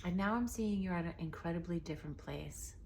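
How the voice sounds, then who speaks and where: A young woman giving an emotional, soothing intuitive reading straight to the listener, often dropping into soft whispers. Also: on the low side, fairly quick, a little hiss or hum. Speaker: tarot reader.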